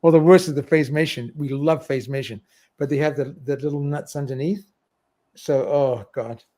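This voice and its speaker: A man's voice: a little high, steady tone, normal speed, dark tone. A middle-aged man hosting a livestream, chatting casually, reading viewer comments aloud and laughing often. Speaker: livestream host.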